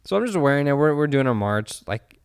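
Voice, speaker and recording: A man's voice: medium pitch, sing-song, brisk, clean tone, dry recording, clean studio sound. A man co-hosting a podcast, agreeing often and telling a story casually. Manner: agreeable, lots of yeahs, storytelling. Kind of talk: casual chat.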